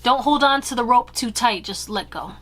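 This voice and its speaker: A woman's voice: fairly high pitch, normal speed, fairly bright tone. Chatty, profane woman reading tarot. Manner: chatty, blunt and profane, giggly. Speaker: tarot card reader. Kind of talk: casual pick-a-card tarot reading.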